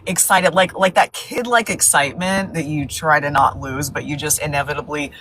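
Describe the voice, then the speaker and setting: A woman's voice: low-pitched, moderate pace, background noise. A woman hosting a live Q&A, chatty and upbeat. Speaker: host nurse. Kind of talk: casual live Q&A.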